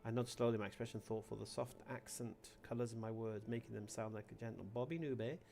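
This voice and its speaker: A cautious village headman from a strategy game speaks in a slow, measured way, read out by a man. His voice sits at an ordinary pitch with a gravelly edge. He sounds guarded and weighs every word. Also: steady tone, warm tone, faint music behind, close to an everyday voice. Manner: measured, reading text aloud. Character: wary male village elder, measured and guarded.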